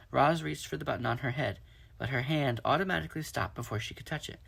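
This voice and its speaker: A man reading a children's storybook aloud in steady storytelling. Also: medium pitch, quick pace, vocal fry, breathy edge. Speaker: reader.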